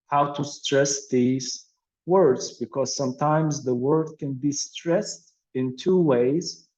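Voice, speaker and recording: A man with a mid-range, slightly mellow voice patiently explains an English pronunciation and vocabulary lesson. He uses many fillers and repeats words, and the recording sounds dull and lo-fi.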